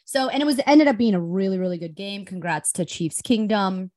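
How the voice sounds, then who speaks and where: A woman's voice: medium pitch, animated, fairly quick, darkish tone, no echo. Woman co-host, easygoing, rambly, lots of fillers, dry sound. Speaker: podcast co-host. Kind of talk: casual chat.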